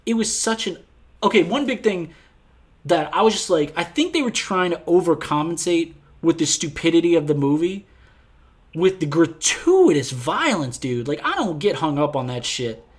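A man's voice: on the high side, big pitch swings, normal speed. Man, casual podcast co-host; exasperated, profane ranting, voice swinging up and down a lot. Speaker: podcast co-host reviewing a film. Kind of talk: casual chat.

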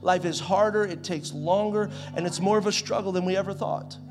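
A pastor in his forties preaching a sermon in a conversational way, swinging from loud to soft. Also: high-pitched, a little fast, over music. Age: 40s.

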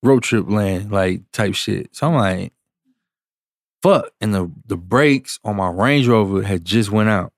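A man, a music producer, telling a story in casual chat, slangy and animated, acting out the people he quotes. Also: on the low side, measured pace, hardly any pauses, no echo, clean studio sound.

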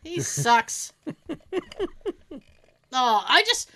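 Bright, animated woman chatting profanely. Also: a little high, extremely slow. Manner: animated, profane storyteller who laughs often. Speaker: podcast co-host. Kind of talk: casual chat.

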